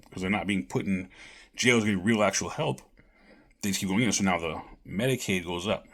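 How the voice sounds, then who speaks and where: A man's voice: on the low side, slightly rough. A man giving rambling casual political commentary straight to camera, calling his viewers folks. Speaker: vlogger.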